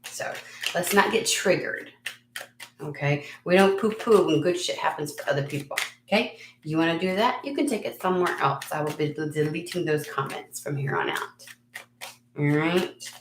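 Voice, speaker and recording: Woman doing a chill tarot vlog, kinda low voice, blunt and chatty, cusses a lot, echoey room. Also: expressive, normal speed. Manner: chatty, frank, swears casually, laughs at herself. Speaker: tarot reader and channel host. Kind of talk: casual tarot reading vlog. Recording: echoey room with faint noise.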